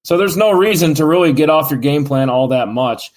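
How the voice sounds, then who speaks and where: A man in a casual sports podcast, relaxed and plain-spoken. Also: a little high, fairly quick. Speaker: podcast co-host.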